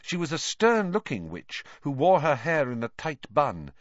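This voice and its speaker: A man narrating a storybook reading in an expressive, animated way. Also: on the high side, normal speed, no room sound. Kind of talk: audiobook reading. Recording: dry, dull lo-fi.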